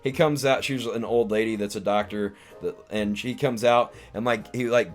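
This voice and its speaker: A man's voice: on the low side, fairly even intonation, normal speed, faint music behind. A man hosting a live stream, casually recapping a film in a rambling way with lots of restarts and filler words. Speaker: live-stream host, comedian.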